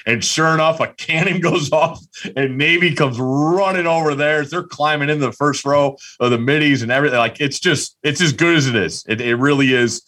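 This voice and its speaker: A man co-hosting a casual sports podcast, telling a story excitedly with lots of restarts. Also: fairly high pitch, a little fast. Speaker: podcast co-host.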